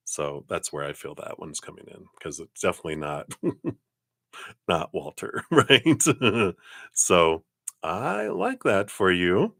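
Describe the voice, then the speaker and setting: A man's voice: sits low, big pitch swings, slow pace, creaky, a bit bright, dry recording, studio quality. A man doing a live-stream tarot card reading, rambling with many fillers, self-corrections and frequent laughs. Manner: laughs often between remarks.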